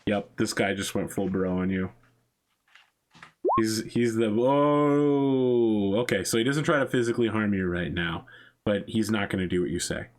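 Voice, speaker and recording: A man's voice: fairly low pitch, moderate pace, slight background noise. A man running a tabletop role-playing game, casually explaining rules and outcomes and laughing often. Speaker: game master.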